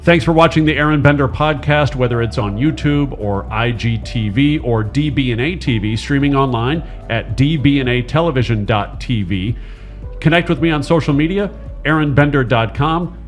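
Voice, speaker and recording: A man's voice: medium pitch, normal speed, faint music behind. A man hosting a podcast, thanking his guest and reading the show's outro. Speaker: podcast host. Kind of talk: show outro.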